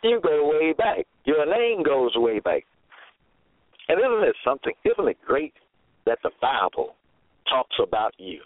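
A man preaching a radio sermon, slow and emphatic, repeating himself and asking rhetorical questions. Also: fairly high pitch, big pitch swings, no room sound. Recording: tinny phone-like radio audio.

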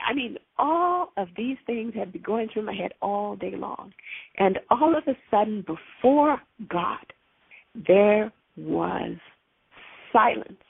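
A woman's voice: medium pitch, slow, creaky, slightly rough, no room sound, narrow, tinny audio. A woman hosting a spiritual podcast, retelling a personal story dramatically and acting out the voices. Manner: animated, dramatic retelling with acted quotes. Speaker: podcast host.

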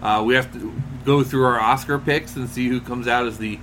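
A man's voice: mid-range voice, steady tone, a little fast, fairly bright tone, slight background noise. Rambling jokey male podcast host. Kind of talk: casual podcast chat.

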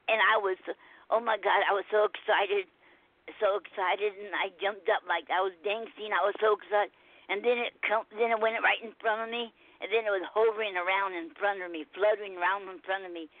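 Lady calling in over a tinny dry phone line, halting, lots of ums. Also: medium pitch, steady tone, dry recording. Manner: halting, with many ums and restarts. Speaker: caller reading poetry. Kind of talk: casual phone chat and poem reading.

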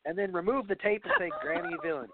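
A man hosting a casual podcast chat, excitable and joking, rambling as he talks. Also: high voice, normal speed, a crowd in the background. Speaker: podcast host. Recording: tinny phone-like line.

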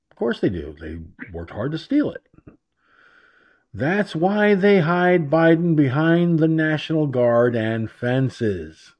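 Male online radio host; slow, lively-pitched sarcastic rambling monologue, dull lo-fi home mic. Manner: rambling, sarcastic, repeats himself. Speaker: internet radio talk show host. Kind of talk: opinionated political monologue.

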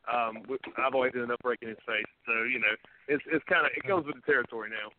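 A man's voice: mid-range voice, quick pace. Male wrestler guest, easygoing and jokey, phone-line audio with faint hiss. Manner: easygoing, jokey, checks details with partner. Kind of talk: casual interview chat.

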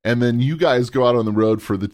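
A man's voice: medium pitch, fast, dry recording, studio quality. A middle-aged man hosting an interview, telling a story with lots of laughter and acted-out quotes. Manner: animated storyteller, laughs often, acts out quotes. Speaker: podcast host.

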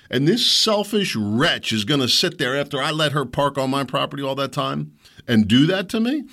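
This middle-aged show host tells a story as an angry, indignant rant, imitating people in mocking voices. He speaks in a mid-range voice with vocal fry, sounding pushed and bright.

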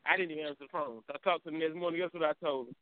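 A man hosting a casual morning chat show, telling animated stories, mimicking people and laughing a lot. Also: on the high side, rapid-fire, dry recording. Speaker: show host. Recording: tinny phone line.

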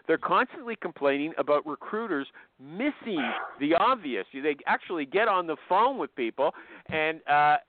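An excitable man hosting a podcast. He talks in a rambling, animated way and swings widely in pitch. The sound is dry and narrow, like a phone call. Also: normal speed, no echo. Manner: rambling, excitable, jumps into funny voices. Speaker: podcast host. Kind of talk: casual chat with ad read.

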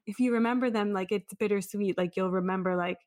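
A woman host chatting in a relaxed, affirming way with her guest. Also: medium pitch, fast talker. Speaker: podcast host. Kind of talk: casual interview chat.

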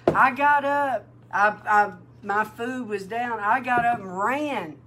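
Slow-speaking woman minister telling a testimony. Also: a little high, slight background noise. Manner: animated storytelling, acts out dialogue; emotional, near tears. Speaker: prophetic minister. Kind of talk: sermon-style testimony and teaching.

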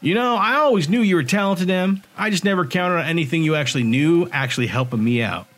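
A man voicing a gruff, cynical male private investigator in an audiobook, sardonic and grumbling. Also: a little high, quick pace, a bit bright, pitched above the performer's own voice, lightly acted. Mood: wry.

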